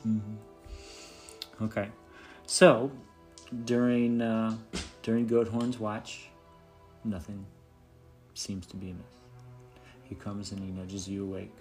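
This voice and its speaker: A man running a tabletop game as game master, narrating in a relaxed, halting way with many fillers and restarts. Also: fairly low pitch, faint music behind.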